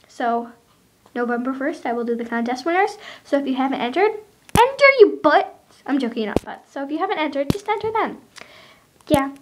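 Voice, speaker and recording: A teenage girl with a high, light voice vents in a rambling, exasperated rant, filling her sentences with likes. It is recorded on a camera's built-in mic, and faint clicks sit behind her. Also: expressive, fairly quick, a little hiss or hum. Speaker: vlogger. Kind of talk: casual ranting vlog.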